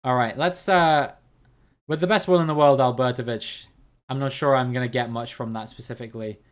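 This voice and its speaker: A man's voice: medium pitch, fairly even intonation, fairly quick. A man hosting a live game stream, chatting with viewers and thinking aloud as he plays.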